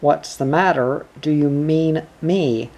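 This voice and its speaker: A blustering fat man in a storybook, scolding and bellowing at everyone in his way. A reader acts him out at an unhurried, deliberate pace. Under pressure he turns to stammering excuses. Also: mid-range voice, a little mellow. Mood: defensive.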